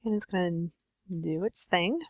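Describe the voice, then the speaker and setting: A woman's voice: lowish voice, measured pace, a little mellow, no echo, low-quality recording. A woman teacher walking students through a computer task step by step, patient and instructive with frequent ums. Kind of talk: screen-share tutorial lesson.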